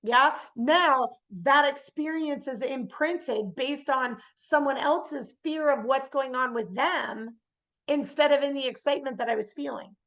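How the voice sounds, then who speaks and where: A woman giving a motivational spiritual talk. She often checks in with her listeners by asking "yes?" and acts out everyday scenes in lively voices. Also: high-pitched, unhurried. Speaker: spiritual speaker.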